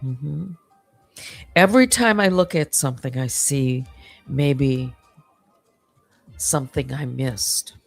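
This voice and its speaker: A woman hosting a livestream, reading through emails and commenting in a deliberate, measured way with many pauses. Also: rumbling low, gravelly, faint music behind. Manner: deliberate, measured, pausing often. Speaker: livestream host.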